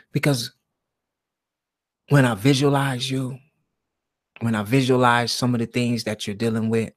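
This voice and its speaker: A man talks alone on a live stream at a very unhurried pace, his pitch in the middle range. He delivers a meditative monologue, pushing some words out loudly and letting others sink to a near-whisper. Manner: slow, drawn-out, swings between loud emphasis and near-whisper. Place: alone at home.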